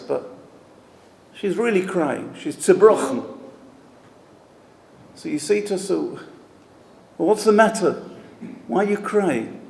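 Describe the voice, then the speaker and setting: A man's voice: fairly high pitch, vocal fry, a little mellow. A man, a rabbi, giving an emphatic, storytelling talk at an event. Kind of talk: sermon-style talk at an event. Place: event hall. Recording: echoey hall with long reverb.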